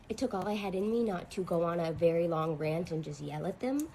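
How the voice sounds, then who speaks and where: A woman's voice: lowish voice, lively intonation, brisk, mellow, slight background noise, low-quality recording. Woman, shaken and agitated, personal rant with nervous laughs.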